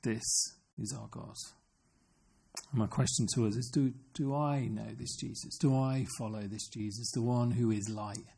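A man's voice: mid-range voice, fairly even intonation, measured pace, creaky, dark tone, husky. A man preaching an earnest sermon, often asking his listeners questions. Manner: earnest, asks the congregation questions.

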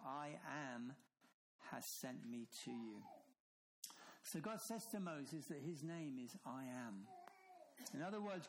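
A man preaching a sermon, emphatic, slowing down and dropping low on key phrases. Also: a little hiss or hum, low-quality recording.

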